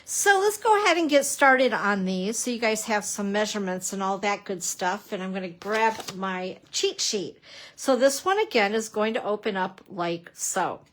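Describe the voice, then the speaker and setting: A woman's voice: medium pitch, lively intonation, moderate pace. A middle-aged woman chatting through a casual papercraft tutorial on a livestream, greeting viewers by name and laughing often. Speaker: papercrafting instructor.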